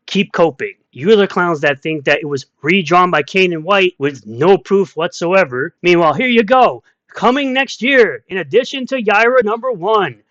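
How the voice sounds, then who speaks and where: A man's voice: high voice, animated, moderate pace, few pauses, a bit bright, no room sound, highs cut off. A man giving ranting online commentary in a combative, mocking way, repeating insults as he reads out comments.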